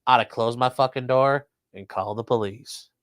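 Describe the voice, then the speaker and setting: A man's voice: medium pitch, moderate pace, dry recording. A man hosting a casual livestream chat, rambling and laid-back. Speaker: host.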